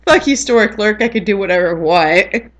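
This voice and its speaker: A woman's voice: mid-range voice, moderate pace, close to an everyday voice. Woman doing a crude, defiant cartoon panda. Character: rude defiant male cartoon panda bear.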